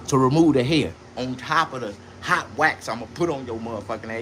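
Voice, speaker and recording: A man talking on a live stream from inside his own shop in a casual, boastful, profane, rambling way, jumping between loud bursts and low mutters. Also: fairly quick, hardly any pauses, a little hiss or hum. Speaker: livestreamer and shop owner.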